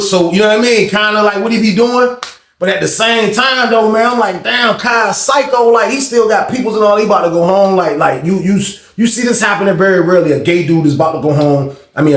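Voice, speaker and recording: A man with a fairly high voice tells a story casually, in slang. He swears freely and talks to his viewers as "y'all". The sound rings in an echoey room. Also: slight background noise.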